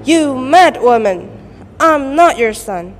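An arrogant young rich man snapping harshly and denying his own mother, as a young woman puts him on in a told folktale. Her voice stays rather high for the part. The sound echoes in a hall. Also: takes it slowly, soft background music. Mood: furious. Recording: echoey hall, faint noise.

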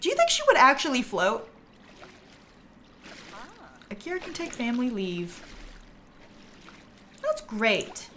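Female streamer, casual game commentary, lively swooping voice, quick to laugh. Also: fairly high pitch, slight background noise. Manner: animated, laughing, talks to her game characters.

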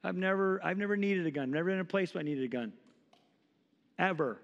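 A man's voice: high-pitched, lively intonation, fast talker, vocal fry, in a large hall, highs cut off. A man in his forties preaching a sermon as pastor, impassioned and conversational, acting out quotes. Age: 40s. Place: church sanctuary.

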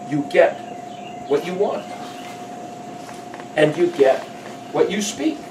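Animated man preaching in an echoey hall. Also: high-pitched, noisy background. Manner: animated storytelling, voices the characters with rising emphasis. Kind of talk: sermon with acted-out voices. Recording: echoey hall, speaker far from mic.

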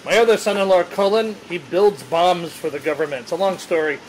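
Excited high-voiced man hosting a vlog. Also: a little fast, slight background noise, poor audio. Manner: excited, jokey show-host banter. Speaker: vlog host. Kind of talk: casual family cooking vlog. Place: family kitchen at a brunch.

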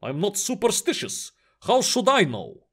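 A man's voice: sits high, huge pitch swings, measured pace, breathy edge, pitched above the performer's own voice, exaggerated voice. A man voicing a blunt, dismissive night-shift foreman from Russia in a story reading.

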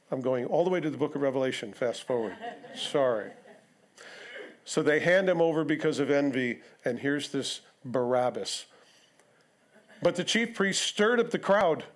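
In a church sanctuary, a male pastor with a mid-range voice preaches an expository sermon conversationally, posing rhetorical questions and making asides to the congregation.

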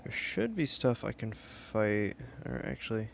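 A man's voice: fairly low pitch, very animated, measured pace, creaky, a little hiss or hum. A young man casually commenting while playing a video game, laid-back and chatty, swearing now and then. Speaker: let's play host.

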